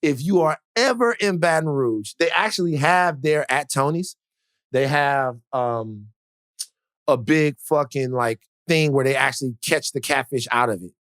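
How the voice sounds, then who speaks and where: A man co-hosting a podcast in relaxed, rambling conversation. He laughs easily and swears often as he tells his stories. His voice sits at a middle pitch and is recorded dry, right up on the mic. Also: unhurried, dry recording. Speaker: podcast co-host. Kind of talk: casual chat. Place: studio.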